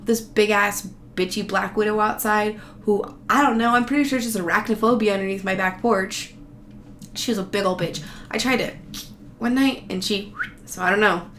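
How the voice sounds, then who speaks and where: In a casual, rambling vlog, a woman chats to her viewers with loose, profane asides and bursts of giggling. Her voice is medium in pitch and a bit bright, moving at a moderate pace. The recording has a roomy echo and faint background noise.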